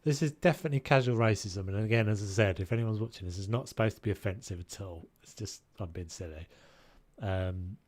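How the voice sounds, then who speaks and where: A man's voice: on the low side, brisk, darkish tone. Scottish guy streaming a game, jokey, mild swearing, self-mocking chatter. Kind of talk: casual live-stream commentary.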